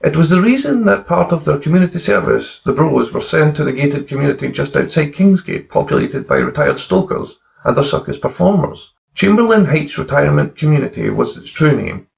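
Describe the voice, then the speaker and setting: A man narrating a dark crime story in a steady, plain manner. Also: a little high, a little fast, creaky, hardly any pauses, recorded from a distance. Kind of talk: dark crime fiction reading. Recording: slightly dull recording with faint guitar.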